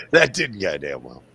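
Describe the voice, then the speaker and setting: A man's voice: low-pitched, pushed and bright. A man in his sixties with an Australian accent, hosting a casual panel chat and telling bawdy anecdotes with frequent laughs.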